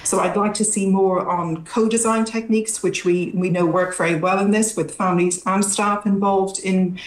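A woman's voice: medium pitch, fairly even intonation, normal speed, reverberant, low-quality recording. A woman academic expert giving careful, analytical answers in a news interview, with some hesitations.

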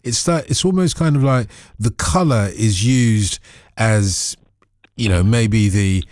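A man in a casual chat who talks in a lively, teasing way. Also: on the low side, takes it slowly, no room sound, studio quality. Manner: lively, teasing, full of laughs. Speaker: conversation partner.

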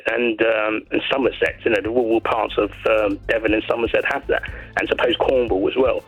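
A man calling in to a radio chat show, hesitant with many restarts. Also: medium pitch. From Sussex, England. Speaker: radio caller. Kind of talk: casual phone-in chat. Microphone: telephone. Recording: lo-fi phone line.

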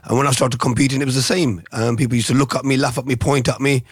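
Middle-aged man, former boxer, reflective, soft-spoken, dry sound. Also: medium pitch, level tone, quick pace, slightly rough, dry recording. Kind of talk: interview answers.

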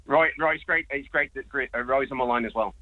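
A man's voice: medium pitch, fairly quick, no room sound. A man, a priest, joining a radio show as a phone guest, keeping the talk light and chatty. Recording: tinny phone line.

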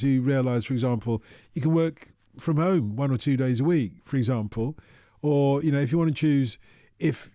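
A man's voice: mid-range voice, mellow, no room sound. A man hosting a late-night radio phone-in, chatting in a rambling, teasing way into a studio microphone.

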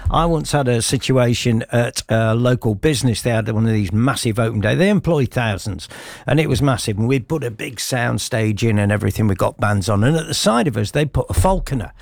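A man's voice: medium pitch, animated, gravelly, a little mellow, no echo. A male breakfast radio presenter, chatting and teasing a guest in the studio. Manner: chatty, teasing, quick to interrupt. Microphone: studio microphone.

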